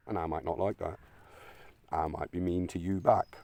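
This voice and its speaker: A man delivers a combative, sweary monologue in a deep voice. He argues with imagined critics and sometimes mocks them in silly put-on voices. The close recording is dry, with little room sound. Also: a little fast, vocal fry, darkish tone, no echo. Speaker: video essayist. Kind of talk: opinionated monologue.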